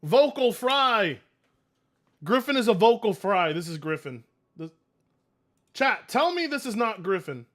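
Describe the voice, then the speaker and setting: A man in his late twenties reacting to clips on a live stream, excitable, laughing often and swearing. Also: high-pitched, measured pace, long pauses. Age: 20s.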